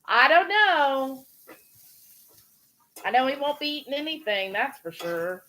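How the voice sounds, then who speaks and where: A woman's voice: high voice, very animated, a little slow, sharp tone, slight background noise. A woman hosting a live cooking stream, casually reading out viewer comments and greeting each viewer by name. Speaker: cooking livestream host reading chat.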